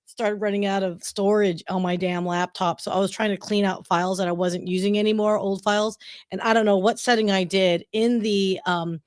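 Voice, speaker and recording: A woman's voice: medium pitch, fairly even intonation, normal speed, dry recording, studio quality. A woman co-hosting a casual livestream, chatty and explanatory with frank asides, talking over a computer mic on a video call. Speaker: livestream co-host.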